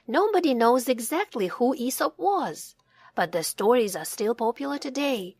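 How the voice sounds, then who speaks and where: A woman narrating a children's storybook in a slow, expressive read-aloud manner. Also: a little high, no room sound.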